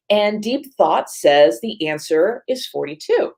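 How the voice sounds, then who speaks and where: A woman's voice: on the low side, a little slow, hardly any pauses. A woman who works as a reference librarian, giving a chatty panel talk and telling stories that act out the voices of the people in them. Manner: lively storytelling, acts out quoted voices; chatty, self-correcting asides.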